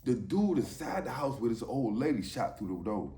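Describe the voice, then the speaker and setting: A man telling a story from his time in jail, animated and emphatic, often asking "you know what I'm saying". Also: medium pitch, moderate pace, reverberant. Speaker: storyteller, former inmate. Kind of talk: casual spoken storytelling.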